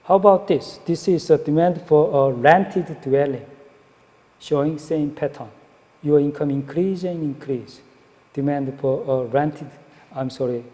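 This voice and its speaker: A man's voice: on the high side, dark tone. Man lecturing in an echoey hall. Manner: halting, frequent fillers and checks like "right?". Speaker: economics lecturer. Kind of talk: classroom lecture.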